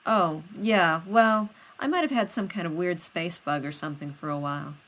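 A woman's voice: on the low side, normal speed, fairly bright tone, lightly acted. A woman voicing a flustered, defensive man. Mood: evasive. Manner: insistent, evasive.

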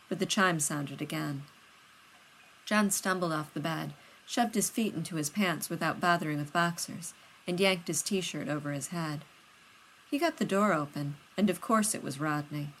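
A woman with a lowish voice reads fiction aloud in a steady, unhurried way. It is plain audiobook narration with a faint hiss behind it. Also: rough recording. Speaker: reader.

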